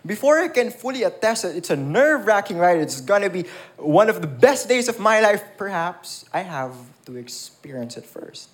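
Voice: medium pitch, very animated, normal speed. Earnest preacher. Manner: earnest, emphatic, asks the congregation questions. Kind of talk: sermon with scripture reading. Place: church.

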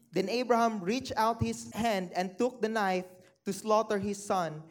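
Preacher doing a sermon, mid-pitched voice, reads scripture then asks the crowd questions, drags out key words slow. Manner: slows down and stretches key phrases for emphasis; drops low and quiet on sad points, rises on excited ones.

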